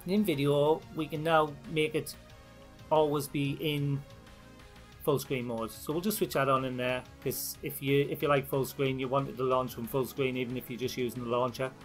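A man's voice: mid-range voice, flat delivery, moderate pace, soft background music. Chatty northeast English man. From northeast England. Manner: chatty and informal, with fillers and restarts. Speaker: YouTube channel host. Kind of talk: screen-recorded tutorial walkthrough.

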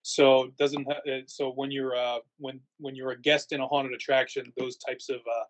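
A man's voice: medium pitch, flat delivery, moderate pace, poor audio. A man answering interview questions in a casual, rambling way, full of fillers and restarts. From United States. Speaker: haunt actor guest.

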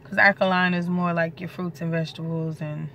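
A young pregnant woman chats to her viewers in a relaxed, rambling vlog. Her voice sits low for a woman, and she cusses freely. A faint hiss of noise runs under the recording. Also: fairly quick, gravelly, muffled recording. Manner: loose, chatty, swears freely. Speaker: vlogger. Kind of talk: casual chat to camera.

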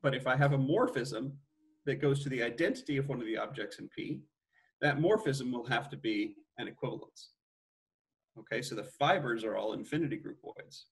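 A man's voice: mid-range voice, brisk. Man lecturing, self-correcting as he goes. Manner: thinking aloud, frequent self-corrections and restarts. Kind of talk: academic math lecture.

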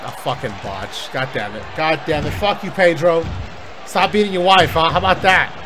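A man giving loud, profane let's-play commentary while wrestling in a video game. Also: a little high, normal speed, noisy background. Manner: excitable, profane, yelling at the game. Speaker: gaming YouTuber.

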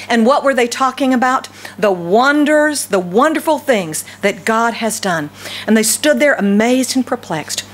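Southern lady pastor, light accent, lively preaching, lots of questions to the crowd, slightly high voice. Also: normal speed, slight background noise. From Southern United States. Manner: animated preaching with frequent rhetorical questions to the congregation. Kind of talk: sermon.

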